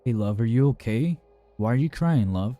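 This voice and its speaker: Man playing drunk guy on the phone, slurring, rambling, swearing, dark mellow voice, faint music. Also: medium pitch, expressive, moderate pace, natural voice. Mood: rattled drunk. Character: drunk young British man calling for help, rattled.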